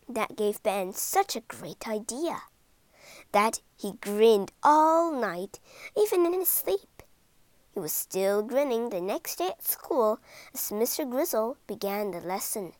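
Slow, expressive woman reading a storybook. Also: medium pitch, dry recording. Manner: slow, expressive read-aloud.

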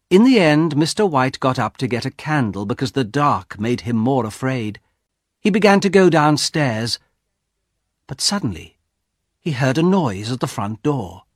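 A man narrating a graded-reader audiobook in slow, dramatic storytelling. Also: mid-range voice, dry recording, studio quality.

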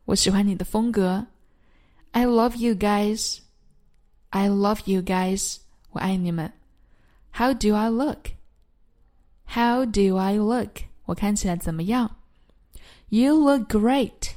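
Slow, deliberate woman teaching phrases. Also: mid-range voice, a little mellow. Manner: repeats each phrase slowly and clearly, then translates. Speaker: English teacher. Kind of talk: slow phrase-drill lesson, English then Chinese.

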